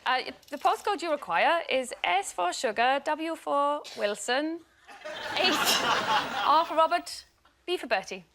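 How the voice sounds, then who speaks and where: A woman's voice: sits high, lively intonation, a little slow, a bit bright, a little hiss or hum, heavily acted. A woman doing a sing-song Welsh phone operator. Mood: helpful. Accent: put-on Welsh. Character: chatty female Welsh postcode operator.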